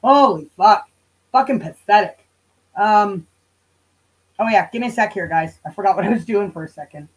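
A woman's voice: medium pitch, animated, normal speed, long pauses, poor audio. Sarcastic profane woman streamer. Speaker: channel host. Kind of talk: casual commentary livestream.

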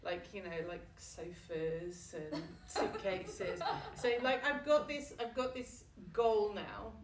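A woman's voice: medium pitch, slow. A British woman with a British accent giving a comic, self-mocking talk to a live audience, laughing often. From Britain. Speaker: book launch speaker. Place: room with a small live audience. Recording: echoey room from far off.

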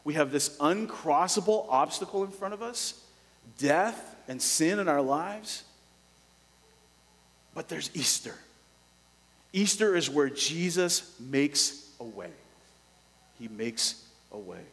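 A male pastor preaching a sermon, dropping to a hush and then rising with urgency. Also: fairly high pitch, lively intonation, takes it slowly, long pauses, big-room sound, low-quality recording. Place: church.

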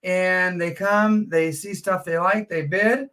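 A man's voice: high voice, slow pace. A man hosting a live auction stream from home, chatting casually with plenty of "uh" fillers. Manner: chatty, relaxed, frequent "uh" fillers. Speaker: livestream auction host. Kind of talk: casual livestream chat.

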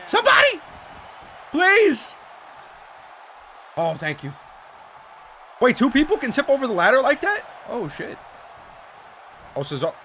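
A young man with a high voice gives excitable let's-play commentary, shouting and cursing at a wrestling game. His pitch leaps all over as he reacts. A faint hiss sits under the recording. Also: moderate pace, long pauses. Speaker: gaming commentator.

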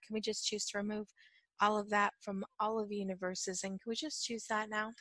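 A woman's voice: medium pitch, steady tone, fairly quick, sharp tone, no echo. A woman casually teaching about energy and emotions, chatty with many "right?" fillers, acting out little quotes in her own voice. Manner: repetitive chanted clearing at the end. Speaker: spiritual teacher.

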